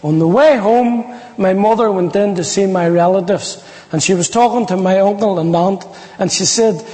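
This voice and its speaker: Irish man, preacher, humorous storytelling testimony, high voice, long reverb in a church hall. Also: moderate pace. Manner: lively, humorous storytelling, quoting people. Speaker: preacher giving his testimony. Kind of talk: storytelling sermon.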